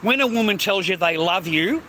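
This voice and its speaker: Australian bloke with a high voice, ranting to camera, foul-mouthed and repetitive, loud traffic behind. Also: male voice, animated, normal speed. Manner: heavy swearing, repetitive, keeps calling listeners mate and bro. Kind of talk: ranting monologue to viewers.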